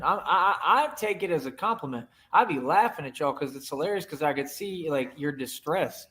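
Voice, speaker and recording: Man, boastful, taunting, slightly high voice. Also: a bit bright. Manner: boastful, taunting, repeats "right?". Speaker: streamer in a reacted clip. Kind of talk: boastful rant to viewers.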